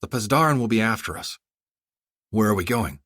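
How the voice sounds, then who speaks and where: Guy reading earnest young princess w/ minnesota accent, soft reassuring, high voice. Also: lively intonation, brisk, no room sound, clean studio sound. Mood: determined.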